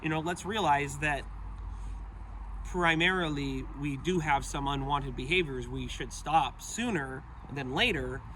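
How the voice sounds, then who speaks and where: A man explains dog training to the camera outdoors in an upbeat, encouraging way. His voice is bright and a little high. Faint outdoor noise sits under the recording. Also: unhurried. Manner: upbeat, praises the dog often.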